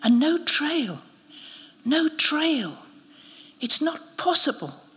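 A woman reading the quiet, dazed lines of a frightened young male priest who has been bitten by a snake, at a live literary reading. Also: high voice, sing-song, drawn-out words, pitched above the performer's own voice, exaggerated voice. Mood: faint, bewildered. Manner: faint, murmuring, dazed. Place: live event venue. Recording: long reverb of a live event hall.

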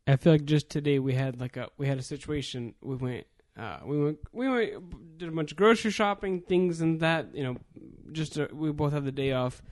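A man's voice: fairly high pitch, moderate pace, few pauses. A man co-hosting a casual podcast chat, talking in a rambling, reflective way with lots of fillers and restarts.

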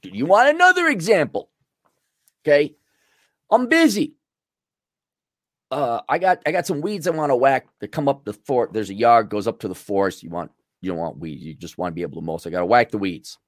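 Blunt, ranting man with lively pitch. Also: a little fast, no room sound, clean studio sound. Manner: blunt, sarcastic, crude. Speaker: podcast host. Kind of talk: ranting monologue.

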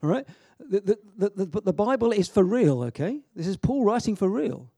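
Male preacher, informal sermon to young people, slightly raised pitch, husky tone. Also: sing-song, normal speed, mellow, no echo, studio quality. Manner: chatty, joking asides, many restarts. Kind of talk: informal sermon to a youth audience.

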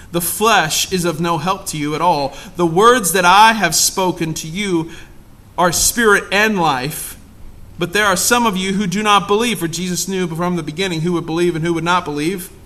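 A pastor preaching a sermon, full of emphatic rhetorical questions. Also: male voice, high voice, pushed and bright.

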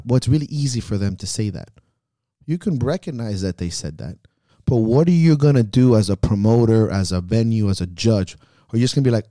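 Podcast co-host, male, profane and blunt, warm low-key tone. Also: lively intonation, brisk, no room sound, clean studio sound. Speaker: podcast co-host, meet promoter. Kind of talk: casual chat.

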